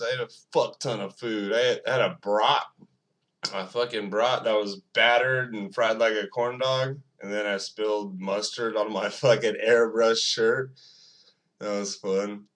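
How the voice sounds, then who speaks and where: A man's voice: on the low side, fairly even intonation, measured pace, fairly bright tone. A man hosting his own podcast, rambling alone in a profane, self-mocking casual monologue. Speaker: podcast host.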